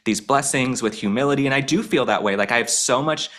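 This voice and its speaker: A young man, a reporter guest, chatting excitably and acting out quotes. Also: quick pace. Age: young adult. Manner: excitable, acts out quotes in high voices. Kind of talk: casual chat.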